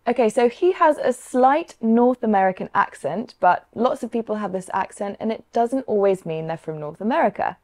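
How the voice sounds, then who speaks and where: A woman from the south of England with a Southern English accent, explaining pronunciation clearly and encouragingly. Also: on the high side, expressive, moderate pace, hardly any pauses, darkish tone. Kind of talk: scripted lesson dialogue.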